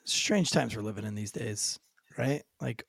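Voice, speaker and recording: A man's voice: lowish voice, unhurried, gravelly, a bit bright, dry recording, clean studio sound. A man hosting a podcast interview, chatting casually and telling stories with quoted voices. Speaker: podcast host.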